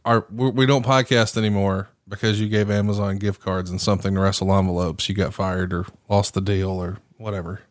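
A man's voice: low voice, little pitch movement, brisk, few pauses, no echo, studio quality. A man from the American South co-hosting a podcast, chatting casually and teasing his partner. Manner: teasing, joking. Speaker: podcast co-host. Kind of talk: casual chat.

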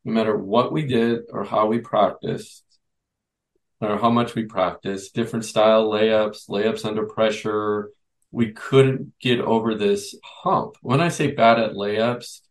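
A man's voice: lowish voice, steady tone, measured pace, rough recording. A man hosting a youth basketball podcast, talking conversationally and thinking aloud with restarts. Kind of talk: podcast interview.

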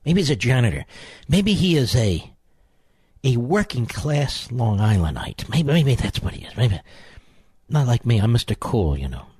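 A man's voice: mid-range voice, very animated, unhurried, darkish tone, slightly rough, no echo. A man hosting a talk radio show, delivering a combative, sarcastic monologue full of mocking insults.

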